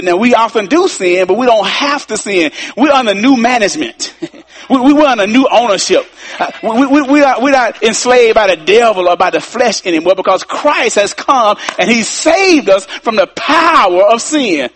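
A man preaching a sermon, repeating key lines, tossing in folksy asides and building up to shouts. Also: sits high, lively intonation, moderate pace.

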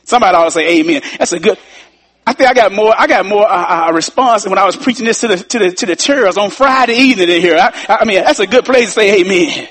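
A man preaching a sermon, repeating key lines, tossing in folksy asides and building up to shouts. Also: sits high, fast.

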